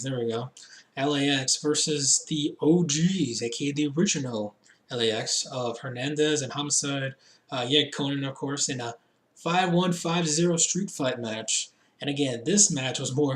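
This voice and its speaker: A slightly tipsy man talks through a review in a fairly high voice, tripping over names, piling on fillers and chuckling at himself. His voice rings in an echoey room. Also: normal speed, a bit bright. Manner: rambling, laughs at himself, many fillers. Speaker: wrestling reviewer. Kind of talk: casual video review.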